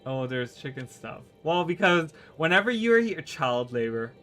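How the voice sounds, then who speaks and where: A man's voice: on the high side, very animated, normal speed, sharp tone, faint music behind. Rambling male streamer chatting with viewers. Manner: rambling, trips over words and restarts, teases chat. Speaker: gaming streamer. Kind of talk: casual livestream chat while gaming.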